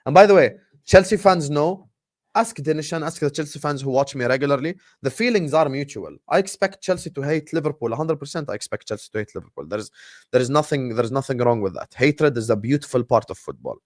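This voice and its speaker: A young man hosting a casual football livestream, animated and teasing, swinging between loud bursts and hushed asides. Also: medium pitch, quick pace, no echo, clean studio sound. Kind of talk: casual fan livestream rant.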